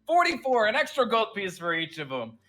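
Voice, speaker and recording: Man playing a booming jovial army general. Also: wildly swooping pitch, brisk, sharp tone, heavily acted. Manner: hearty, effusive, exclaiming.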